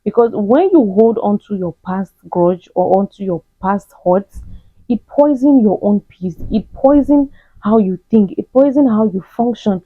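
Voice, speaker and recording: A woman's voice: mid-range voice, lively intonation, unhurried, no echo. Blunt, preachy woman on a tinny line. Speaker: self-help vlogger. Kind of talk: direct-to-camera advice monologue. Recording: tinny phone-like sound.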